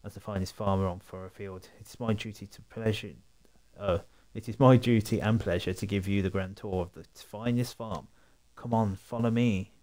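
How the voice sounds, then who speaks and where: A man's voice: lowish voice, fairly even intonation, normal speed, darkish tone, close to an everyday voice. A man reading as a chirpy farm girl. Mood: eager. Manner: eager, upbeat. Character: cheerful young farm girl.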